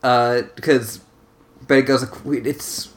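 Relaxed podcast cohost, jokey and casual, chiming in. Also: medium pitch, takes it slowly. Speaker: podcast co-host. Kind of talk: casual recap chat.

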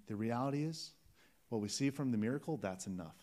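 A man's voice: medium pitch, expressive, brisk, a little mellow. A man preaching a sermon as a pastor, earnest and emphatic, often restarting his phrases.

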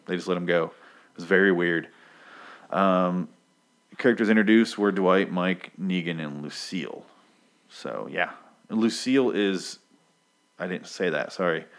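Young male podcast host, very low voice, loose and profane, filler-heavy casual recap. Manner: rambling, profane, full of fillers. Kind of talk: casual comic-book recap.

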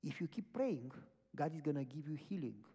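A man's voice: on the high side, very animated, normal speed, dark tone, breathy edge. A man preaching a sermon, telling a story with emphatic repeated phrases. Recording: long hall reverb.

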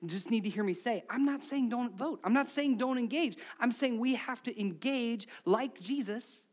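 High-voiced preacher, hushed to shouting. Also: male voice, moderate pace. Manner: animated storytelling, swings from hushed to shouting. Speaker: pastor. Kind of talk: sermon.

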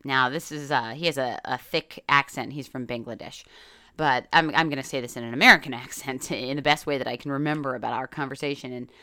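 A middle-aged woman from New York talks through her podcast in a loose, chatty way, full of fillers and casual swearing. Her voice sits low but sounds bright and crisp. The recording is dry and close. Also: steady tone, fairly quick, no echo. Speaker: podcast host and coach.

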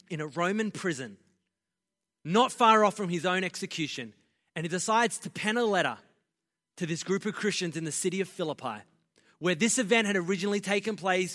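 A man preaching a sermon as pastor, passionate and building to loud, emphatic delivery. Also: sits high. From Australia. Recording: long reverb of a large hall.

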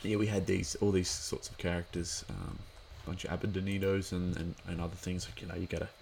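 A man's voice: sits low, steady tone, a little fast, gravelly, a little hiss or hum. A man giving a casual watch-along commentary of an episode, chatty and rambling with lots of filler words.

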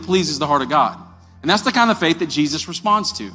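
Bright-voiced preacher in a reverberant hall. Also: male voice, brisk, husky. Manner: rising to an excited, emphatic pitch when retelling stories; conversational, calling the congregation y'all. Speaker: pastor. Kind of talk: sermon. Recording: long hall reverb with faint music.

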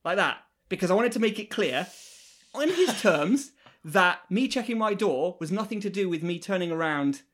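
A man's voice: sits high, animated, moderate pace, fairly bright tone. A man co-hosting a podcast, telling a story in a casual, swearing, laughing way. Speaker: podcast co-host.

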